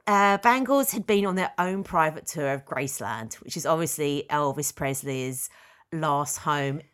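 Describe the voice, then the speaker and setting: A woman, co-hosting a podcast and telling an anecdote in a chatty, animated way. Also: deep voice, unhurried, smooth. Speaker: podcast co-host. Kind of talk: casual chat.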